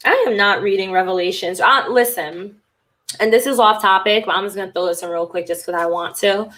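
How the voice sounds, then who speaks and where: A woman's voice: medium pitch, a little fast, a bit bright. A woman podcast host and cult recovery coach in a candid, rambling casual monologue who swears freely.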